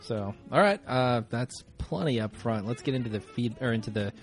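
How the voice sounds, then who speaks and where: A man co-hosting a casual podcast, easygoing and quick to laugh as he walks through an episode recap. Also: mid-range voice, lively intonation, faint music behind. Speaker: podcast co-host.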